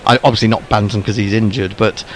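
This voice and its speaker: A man's voice: lowish voice, steady tone, quick pace, slight background noise. A man calling ball-by-ball cricket commentary in a wry, rambling way, full of ums and asides.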